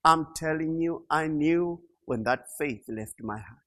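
A middle-aged man preaching a sermon, slow and emphatic, repeating key phrases and rising to loud peaks. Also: fairly high pitch. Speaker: pastor.

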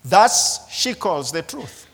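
A man preaching a sermon as pastor, slow and emphatic, repeating key phrases. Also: sits high, sing-song, a bit bright, husky. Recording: reverberant hall.

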